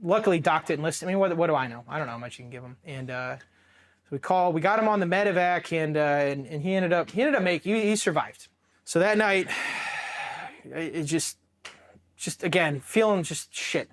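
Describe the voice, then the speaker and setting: Male veteran, slightly high voice, profane and halting, interview storytelling, from Ohio. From Ohio, USA. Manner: raw, profane, halting with many restarts; emotionally charged, dropping quiet at painful moments. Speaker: Marine veteran telling his war story.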